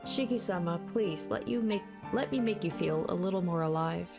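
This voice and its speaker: A woman's voice: fairly low pitch, moderate pace, creaky, over music. A woman voicing a young female maid who speaks in a polite, formal, pleading way.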